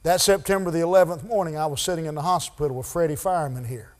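A man preaching a sermon in a church, building from quiet talk to loud, high-pitched preaching. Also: fairly even intonation, quick pace, hardly any pauses. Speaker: pastor.

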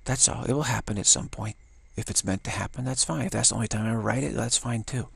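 An older man giving a casual spiritual talk, rambling and halting with many restarts and playful acted-out quotes. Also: mid-range voice, gravelly, slightly rough, dry recording. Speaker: spiritual teacher.

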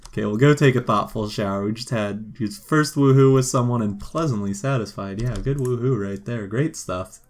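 A man's voice: mid-range voice, fairly quick, hardly any pauses, darkish tone. A man giving casual, joking let's-play commentary as he plays a life-sim game and talks to its characters. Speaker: gaming video host.

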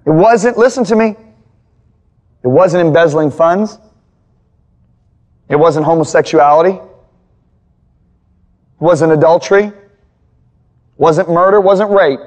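A man's voice: a little high, slow, long pauses, darkish tone. A male pastor teaching a Bible lesson in sermon style, telling stories with emphatic repetition.

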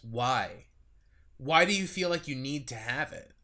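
A man's voice: medium pitch, unhurried. A man co-hosting a movie podcast, talking in a rambling casual way with frequent laughs. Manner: rambling, animated, laughs often. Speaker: podcast co-host. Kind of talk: casual chat.

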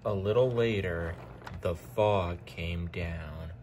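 A man narrating a children's train story in a deliberate storytelling manner. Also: deep voice, darkish tone, slight background noise.

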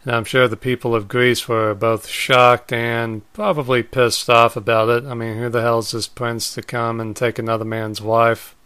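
A man casually retelling old myths as a podcast host, laid-back, with frequent "uh" pauses and the odd swear word. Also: medium pitch, level tone, a bit bright, smooth, no echo.

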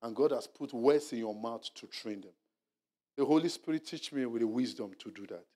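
A male pastor leading a Bible study sermon, animated and exhorting, repeating his points and dropping to a hushed murmur for soft asides. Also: mid-range voice, moderate pace. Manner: animated preaching, drops to a hushed murmur when acting out apologies; repetitive, exhorting. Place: church hall.

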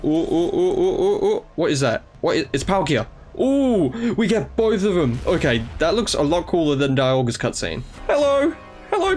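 A young man commentates his video game run in a slightly high voice. He jumps between excited yelps, sarcastic jabs and casual swearing, and reads the on-screen dialogue aloud as he goes. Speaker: gaming YouTuber. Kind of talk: let's play commentary.

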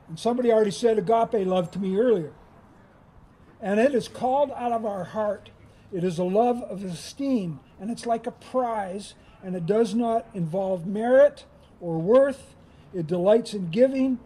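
Man, chaplain, chapel sermon, warm soft tone, plain teaching delivery. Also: high voice, breathy edge. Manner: plain teaching tone, addressing the group directly.

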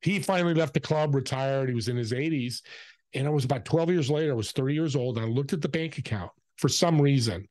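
A man who is a podcast guest, telling an anecdote in an animated way and acting out the people in it. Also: mid-range voice, fast, no room sound. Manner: animated, acts out the people in his stories. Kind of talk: anecdotal storytelling.

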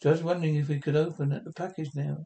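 Nervous, apologetic housewife read by a man, halting delivery, script reading. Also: on the high side, level tone, vocal fry, warm tone. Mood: timid. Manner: hesitant, apologetic. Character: timid frightened downtrodden housewife.

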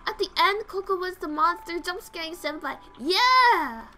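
A woman streamer chatting casually to her viewers while playing a game, playful and teasing, swinging between loud outbursts and low muttering. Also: a little fast, soft background music. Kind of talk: casual gameplay commentary to chat.

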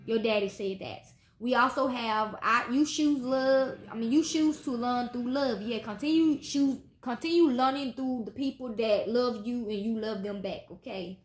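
A woman in her twenties with gives a casual tarot reading in a fairly high voice. She talks bluntly, swears freely and keeps tagging "okay?" onto her lines. The sound echoes off the walls of the room. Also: moderate pace, few pauses. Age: 20s. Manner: blunt, profane, says okay constantly. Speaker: tarot reader.

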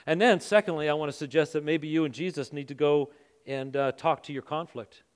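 A man's voice: on the high side, a little fast, clean tone. A middle-aged man who is a pastor, preaching a sermon and telling a personal story, acting out his own thoughts with growing intensity. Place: church auditorium. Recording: long hall reverb.

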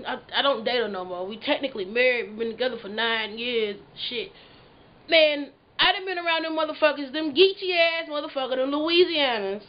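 Loud, profane woman vlogger. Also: high-pitched, dull audio. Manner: profane, boisterous, rambling. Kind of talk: casual vlog chat.

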